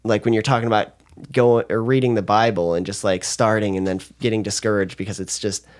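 A man's voice: on the low side, steady tone, fast. A young man hosting a podcast, affectionate and reflective, and he laughs easily. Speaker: podcast host. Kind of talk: casual chat.

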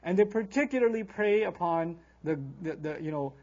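A man teaching a Quran lecture in an animated, conversational way, reciting Arabic verses quickly between casual explanations. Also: sits high, lo-fi sound.

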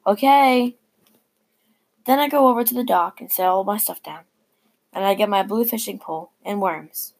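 A woman reading a personal story aloud in a plain, unhurried way with small stumbles. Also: medium pitch, vocal fry, a little hiss or hum.

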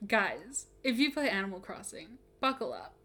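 A woman co-hosting a casual podcast chat, animated and swearing freely as she tells stories. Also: medium pitch, normal speed. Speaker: podcast co-host.

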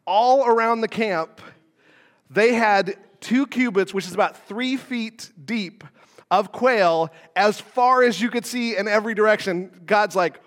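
High-voiced male pastor, playful sermon. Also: measured pace, a bit bright, in a large hall. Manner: playful, jokey asides.

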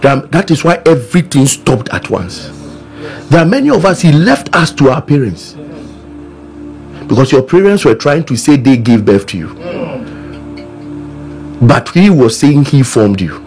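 A man's voice: medium pitch, sing-song, unhurried, pauses often, a little mellow, soft background music. A man preaching fervently, repeating lines for the listeners to echo. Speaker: pastor. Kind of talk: sermon with prayer.

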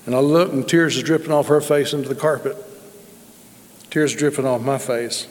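A man's voice: medium pitch, steady tone, normal speed, a little mellow. A middle-aged man telling a testimony in a sermon, folksy and emphatic. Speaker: preacher. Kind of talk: sermon storytelling. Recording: long reverb in a large hall.

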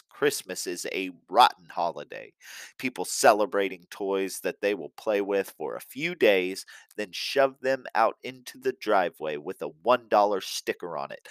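Bitter scheming elf, snarling and mocking, read by a man, deep voice, dry sound. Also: a bit bright, no room sound.

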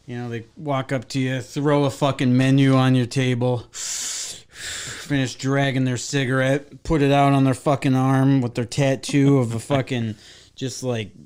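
A man's voice: medium pitch, flat delivery, a little slow, darkish tone, clean tone. A man co-hosting a podcast in casual chat, joking crudely and swearing freely. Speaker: podcast co-host.

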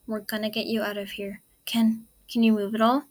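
Woman reading as a scared young guy, teary, whispery and breathy, pretty flat delivery. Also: medium pitch, normal speed, close to an everyday voice. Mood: tearful. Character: young man, panicked and tearful rescuer.

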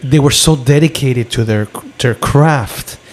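A man co-hosting a podcast, debating a film in casual chat, animated and full of restarts. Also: medium pitch, measured pace. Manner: animated, argues his point with frequent restarts. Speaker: podcast co-host.

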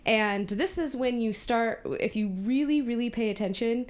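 A woman's voice: a little high, normal speed. A woman co-hosting a podcast, retelling a movie plot in casual chat, acting out the characters' lines and laughing often. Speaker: podcast co-host.

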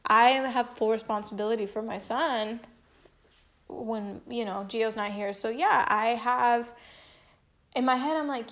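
A woman's voice: on the high side, fairly even intonation, slow pace, a bit bright. A young woman casually telling a personal story at home, chatty and emotive, full of filler words.

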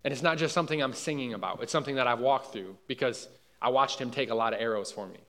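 A man's voice: medium pitch, fast talker, fairly bright tone. A young man preaching a conversational sermon in a church hall, casual and often checking in with his listeners. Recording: long hall reverb.

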